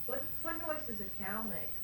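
A woman interviewer in a mid-range voice asks prompting questions and trails off so the other person can finish. The old tape has a roomy sound. A steady hiss runs under her voice. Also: a little high, moderate pace. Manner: prompting, leaves sentences open to be finished. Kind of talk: dialect survey interview.

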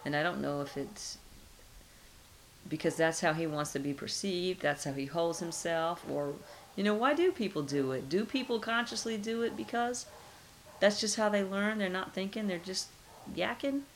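A middle-aged woman with a notably low voice answers interview questions in a relaxed, unhurried way. She muses aloud and trails off into rhetorical questions. There is faint room ambience behind her. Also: a little hiss or hum, rough recording. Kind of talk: casual conversational interview.

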